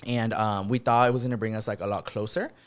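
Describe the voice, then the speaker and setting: A man's voice: on the low side, fairly even intonation, fast. Casual, reactive male podcast co-host. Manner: reactive, gasps and laughs along, swears casually. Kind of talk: casual chat.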